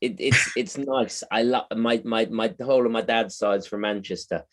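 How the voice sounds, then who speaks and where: A man with a London accent, a comedian chatting as a guest on a video call, animated and jokey. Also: lowish voice, normal speed. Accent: London English. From London, England. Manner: animated, jokey, breaks into impressions. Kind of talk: casual video-call interview.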